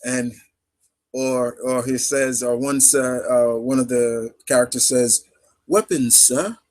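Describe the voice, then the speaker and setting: A man's voice: medium pitch, completely flat delivery, a little slow, a little mellow, rough recording. Rambling man hosting a live Q&A. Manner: rambling, heavy with fillers and restarts. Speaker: host of a live Q&A stream. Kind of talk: casual live chat.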